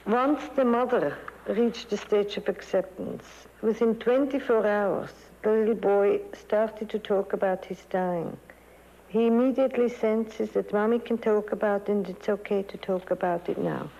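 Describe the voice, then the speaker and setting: A woman speaks in a mellow, soft-edged voice, earnest and gentle as she reflects on the dying children she has treated. Her pitch sits in an ordinary middle range. The sound is a dull, lo-fi recording. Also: normal speed, creaky, big-room sound. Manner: earnest and gentle, reads quoted poems aloud. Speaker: psychiatrist.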